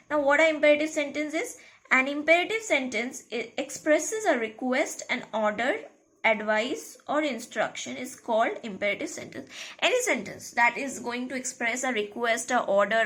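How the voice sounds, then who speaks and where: A woman teaching a grammar lesson to a school class, repeating key phrases and checking in with "okay?" and "clear?". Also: high voice, lively intonation, moderate pace, a bit bright.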